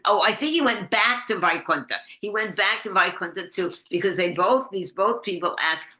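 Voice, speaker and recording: A woman leading a devotional class over a video call, telling a story with many restarts and lively quoted voices. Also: fairly low pitch. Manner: halting, restarts often, animated when quoting. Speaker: class leader. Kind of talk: casual storytelling in an online class. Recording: echoey video call audio.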